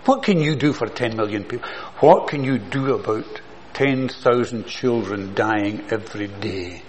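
A man preaching a sermon in an earnest way, building to loud, passionate emphasis and then dropping soft. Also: fairly low pitch, a little slow, slight background noise, poor audio.

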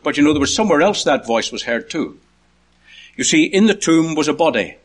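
A man delivering a sermon, moving through his points one by one. He lifts his voice sharply when calling out quoted words, then sinks low and soft for his asides. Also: lively intonation, a little fast. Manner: rises in pitch to call out quoted words, drops low for asides. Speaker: preacher.

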